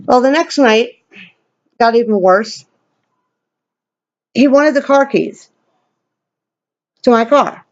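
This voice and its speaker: A woman telling a story to a camera at home, blunt and profane, acting out quoted lines in a higher voice. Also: slow pace, long pauses, muffled recording. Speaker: vlogger. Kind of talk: casual storytelling rant.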